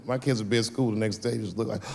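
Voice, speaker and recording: A man's voice: fairly low pitch, fairly even intonation, fast, creaky, a little mellow. A man doing stand-up comedy, telling a laid-back story and acting out the other voices in it. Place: comedy stage with live audience.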